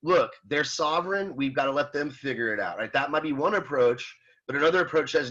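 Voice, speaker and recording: Male instructor, bright forceful voice, casual rambling lecture, many fillers, slightly muffled recording. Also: fairly high pitch, animated, fairly quick, hardly any pauses. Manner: reads out student comments and answers them. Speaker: college ethics instructor.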